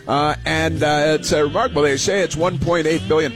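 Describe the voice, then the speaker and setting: A man's voice: fairly high pitch, fairly even intonation, brisk, music in the background. A man hosting a call-in radio show, talking in a rambling, opinionated monologue full of fillers and repeated phrases. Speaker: radio talk show host.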